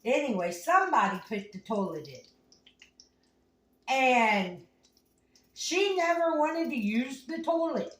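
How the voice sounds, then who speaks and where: Woman host of a home cooking show, folksy and rambling, somewhat high voice, recorded from a distance. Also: sing-song, slow, pauses often, a bit bright. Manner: folksy, rambling, homespun phrasing. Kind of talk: casual storytelling while cooking. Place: home kitchen. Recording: echoey room, mic at a distance.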